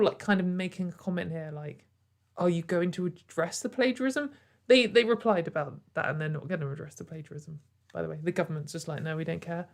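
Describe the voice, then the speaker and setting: A woman giving sarcastic, exasperated commentary and laughing often. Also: on the low side. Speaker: online commentator. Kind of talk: ranting commentary video.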